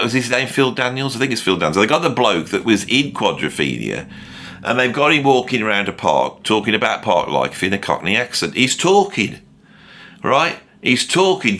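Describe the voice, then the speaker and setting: A middle-aged man with a lowish voice and sharp tone offers casual, opinionated commentary on a ranked list. He is a music commentator who rambles and fills his talk with asides.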